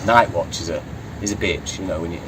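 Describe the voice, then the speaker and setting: A sweary Lancashire man who rambles through his stories in a lowish voice. He sits back from the mic, and there is a steady wash of street and traffic noise behind him. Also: brisk. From Blackpool, England. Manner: swears freely, rambling storyteller. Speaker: interview guest, yacht crew. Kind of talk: casual chat. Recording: distant mic with urban background noise.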